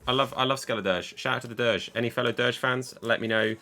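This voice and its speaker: A man chats casually while opening card packs, joking about himself and scolding the camera for losing focus. He talks fast in a steady, mid-range voice that sounds pushed and bright, with soft background music.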